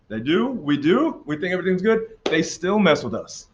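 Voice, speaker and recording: A man's voice: high voice, sing-song, normal speed, highs cut off, a little hiss or hum. Casual man teaching a history lesson. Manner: casual, joking, puts on silly accents for countries. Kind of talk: classroom lesson walkthrough.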